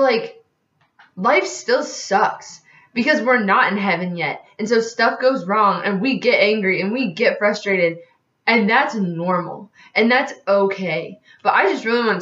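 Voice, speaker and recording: A woman's voice: mid-range voice, expressive, moderate pace, fairly bright tone. A young woman hosting a podcast, talking frankly and rambling, upset and close to tears. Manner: rambling and frank, heavy use of "like". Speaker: podcast host. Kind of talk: candid casual vlog talk. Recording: roomy, dull lo-fi sound with faint music.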